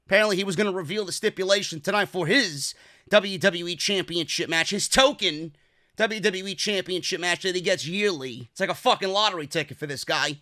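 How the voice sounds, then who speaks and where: A man's voice: high-pitched, brisk, sharp tone, dry recording, clean studio sound. A man with a New York accent hosting a wrestling review podcast, talking in a sarcastic, profane, exasperated way. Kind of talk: casual review monologue.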